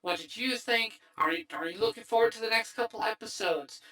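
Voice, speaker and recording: A man's voice: high-pitched, fairly quick, pushed and bright, poor audio. A man hosting a livestream through a voice changer, rambling casually with lots of fillers and restarts. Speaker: streamer host. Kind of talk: casual stream wrap-up chat.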